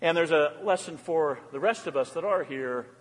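A male pastor preaching an animated sermon, swinging between hushed asides and loud exclamations. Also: a little high, moderate pace, slightly rough. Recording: long hall reverb.

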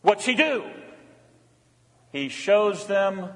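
A man's voice: sits high, animated, takes it slowly, a bit bright. A man preaching a sermon, asking rhetorical questions, repeating refrains and having the congregation say lines back. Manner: leads the congregation in call and response. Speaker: pastor. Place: church sanctuary. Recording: long church reverb.

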